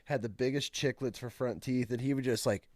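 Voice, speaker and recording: A man hosting a podcast, asking questions in relaxed, slangy casual chat. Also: mid-range voice, dry recording. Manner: relaxed, slangy, quick to laugh. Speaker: podcast host.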